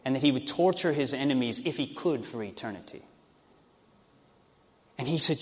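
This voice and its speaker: A male preacher telling a story in a sermon, in a dramatic, drawn-out way. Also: medium pitch, expressive, sharp tone. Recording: long reverb.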